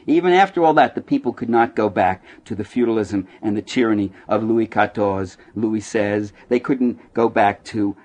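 Animated man joking through a book talk. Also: fairly low pitch. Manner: animated, joking storyteller with many restarts; acts out quoted voices. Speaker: author giving a talk. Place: bookstore.

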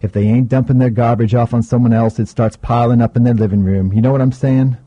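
A man's voice: mid-range voice, fairly even intonation, quick pace, warm tone, dry recording, natural voice. A man voicing a graying, streetwise older man who talks in a laid-back, teasing drawl. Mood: wry.

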